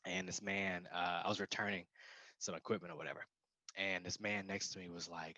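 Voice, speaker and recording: A man's voice: sits low, expressive, a little fast, gravelly, pushed and bright, no echo. A man co-hosting a podcast, telling stories animatedly in casual chat and laughing often. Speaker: podcast co-host.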